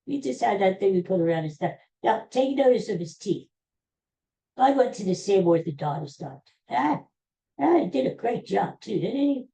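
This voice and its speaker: Older man, podcast host, folksy rambling monologue, mellow voice, echoey room. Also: high-pitched, expressive, normal speed, vocal fry. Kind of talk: casual solo podcast monologue.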